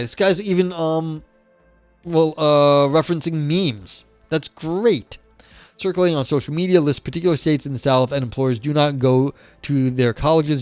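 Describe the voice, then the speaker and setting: A man's voice: mid-range voice, darkish tone, no room sound. A man from New York hosting a livestream, chatting casually and reading aloud, rambling and swearing with many fillers and restarts. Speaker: livestream host reading a book.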